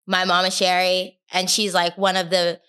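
A woman's voice: on the low side, completely flat delivery, normal speed, pushed and bright, smooth. A young woman telling a personal story on her solo podcast, candid and rambling, with many filler words. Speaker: podcast host.

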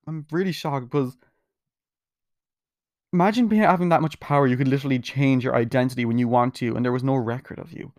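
Young man, podcast host, casual rambling monologue, self-deprecating, swears a lot, mid-pitched, dry close recording. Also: quick pace, a little mellow, dry recording.

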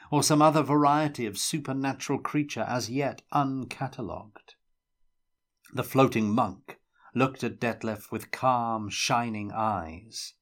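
A man reading a fantasy novel aloud in a measured, dramatic storytelling manner. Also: mid-range voice. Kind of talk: audiobook-style fiction reading.

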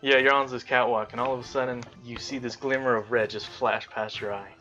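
A man's voice: medium pitch, fairly even intonation, brisk, pushed and bright, dull audio, soft background music. A man narrating as game master in a casual tabletop game, talking with lots of fillers and restarts. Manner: hesitant, many fillers and restarts.

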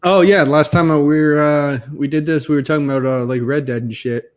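A man's voice: fairly high pitch, fairly even intonation, fairly quick. A man co-hosting a podcast, chatting casually with a loose, profane, laid-back way of talking. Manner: laid-back, profane, says "dude" constantly. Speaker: podcast co-host. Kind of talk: casual chat. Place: Dallas area.

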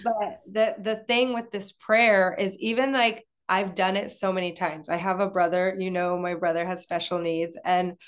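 A woman's voice: fairly low pitch, steady tone, moderate pace, few pauses. A woman co-hosting a casual talk, speaking in a chatty way with many fillers and restarts. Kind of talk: casual chat.

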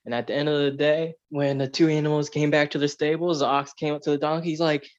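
A man's voice: on the high side, steady tone, fast talker, few pauses, muffled recording. Chatty man telling a fable. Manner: loose, chatty, lots of "like" and "you know". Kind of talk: casual chat, storytelling.

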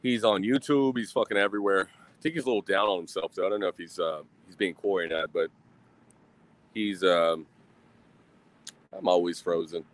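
Brief: male livestream host, lowish voice, cussing, rambling, self-mocking, recorded outdoors on a phone. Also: moderate pace, long pauses, poor audio. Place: outdoors at a grill.

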